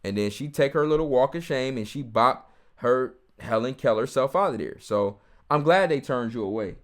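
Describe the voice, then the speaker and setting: A man's voice: medium pitch, normal speed. A man giving casual, heated commentary on a video and talking straight to his viewers. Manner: animated, talks straight to viewers, heated and mocking.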